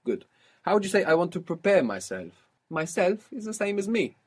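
Husky man teaching with lively pitch. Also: normal speed. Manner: patient, prompting and explaining. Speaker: language teacher. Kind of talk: spoken language lesson.

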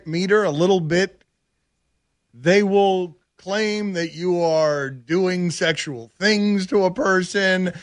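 A man hosting a sports talk radio show, arguing in animated, rambling tangents. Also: high voice, no room sound, studio quality. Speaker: radio host.

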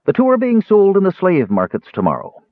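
A man voicing a smooth, mild-mannered elven high priest who is quietly menacing, on a tinny, dry recording. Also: wildly swooping pitch, fairly quick, no room sound.

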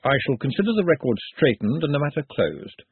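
A man voicing a calm, dry-witted male city ruler who speaks in a measured, wry way. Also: on the high side, slightly rough, dry recording, voice pushed up, heavily acted. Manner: measured, wry, drily amused. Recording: dry, phone-like narrow sound.

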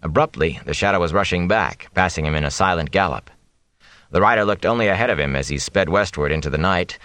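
A man reading a fantasy novel aloud in a measured, suspenseful way. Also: low-pitched, fairly bright tone, dry recording. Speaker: audiobook narrator. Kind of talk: scripted fantasy narration.

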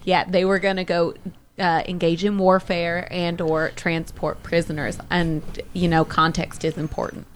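A woman's voice: fairly low pitch, flat delivery, moderate pace, a little hiss or hum. A woman playing a tabletop role-playing game, asking rambling, casual questions. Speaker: player.

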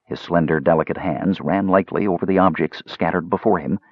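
A man narrating a fantasy audiobook with an expressive, storytelling delivery. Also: low-pitched, a little fast, no room sound, phone-quality sound.

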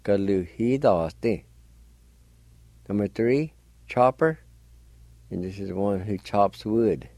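A man's voice: lowish voice, expressive, slow, creaky, long pauses, a little mellow, dry recording. A man teaching language on the radio, patiently spelling out and pronouncing words letter by letter. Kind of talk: slow spelling and pronunciation lesson.

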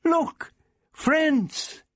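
A man voicing a caring, level-headed young woman who speaks gently but with urgency. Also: rumbling low, a little slow, breathy edge, pitched below the performer's own voice, full character voice. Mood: urgent.

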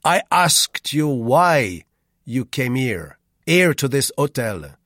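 A man's voice: mid-range voice, big pitch swings, takes it slowly, no echo, studio quality, voice pushed up. A man voicing an arrogant, irritable, suspicious man in an audiobook, speaking curtly and boastfully. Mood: demanding. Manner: curt and boastful, loud and clipped. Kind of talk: audiobook character voice.

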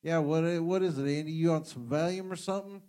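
A man's voice: fairly high pitch, fast talker. A man teasing his bandmates bluntly and crudely in casual banter. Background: loud band music.

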